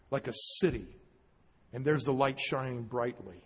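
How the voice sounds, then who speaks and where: A male pastor preaching a sermon, reading scripture slowly and with emphasis, with joking asides to the congregation. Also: mid-range voice, husky. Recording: long hall reverb.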